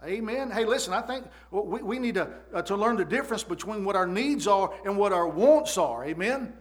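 A man's voice: high-pitched, moderate pace, hardly any pauses. A man preaching a sermon with emphatic, repetitive declarations, asking "amen" often and stammering into restarts as he builds. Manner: stammers and restarts when excited.

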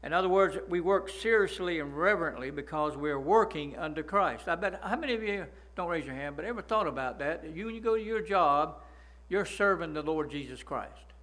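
A man preaching a sermon, folksy, slowing down to stress his points and asking the congregation for agreement. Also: a little high, animated, a bit bright. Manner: slows down to stress key phrases. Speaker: pastor.

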